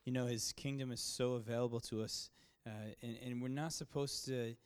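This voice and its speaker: A man, a pastor, telling a story in a sermon. He talks casually with many fillers and restarts, and gets louder and more excited at the dramatic moments. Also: medium pitch, a little fast, smooth.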